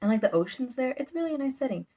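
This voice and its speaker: A woman's voice: high-pitched, sing-song, very fast, dark tone. A woman recapping a manga in a casual, rambling chat, giggling and using lots of fillers. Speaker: manga reviewer.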